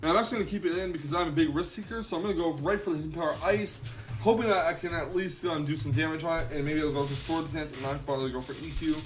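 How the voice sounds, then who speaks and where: A young man commentates a game battle in a quick, casual flow. His voice sits a little high, and he stumbles and fixes his words often. Soft music plays quietly behind him. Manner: chatty, fast, with frequent ums and self-corrections. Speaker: gaming channel host.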